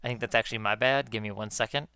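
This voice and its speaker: A man in casual chat with viewers while gaming, excitable, swearing often and calling his viewers guys. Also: fairly low pitch, rapid-fire, clean tone, no echo. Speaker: gaming YouTuber.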